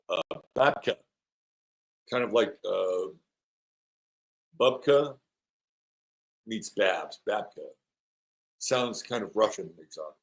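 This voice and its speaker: Middle-aged male astrologer host, a bit low-pitched, loose and joking as he reads out chat comments. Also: creaky, rough recording. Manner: rambling, playful, reads viewer comments aloud. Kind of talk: live-stream chat with viewers.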